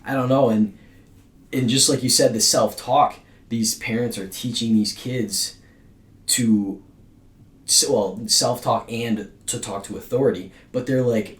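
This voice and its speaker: A man's voice: mid-range voice, fairly even intonation, unhurried. A young man hosting a podcast, chatting easily and telling his own stories. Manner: easygoing, chatty, affirms often. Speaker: podcast host. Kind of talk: casual podcast conversation. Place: office. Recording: echoey office, mic at a distance.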